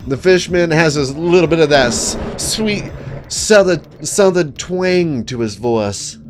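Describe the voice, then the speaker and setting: A man's voice: fairly high pitch, expressive, takes it slowly, soft background music. A man casually commenting on a game and reading its text aloud, profane and self-mocking. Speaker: let's play host.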